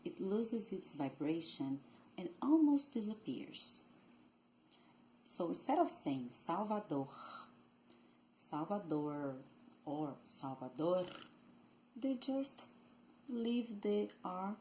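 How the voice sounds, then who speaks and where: Slow, careful Brazilian woman teaching Portuguese. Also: medium pitch, very animated, warm tone, slight background noise, low-quality recording. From Rio de Janeiro state, Brazil. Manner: slow, careful demonstration of pronunciations. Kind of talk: language lesson.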